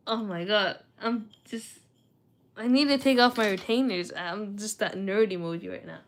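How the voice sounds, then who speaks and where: With her retainers in, a young study vlogger chats to her audience and reads a book out loud, her speech slightly thickened. Her mid-range voice keeps a fairly even intonation at normal speed, and she stumbles, restarts, and talks to herself as she goes.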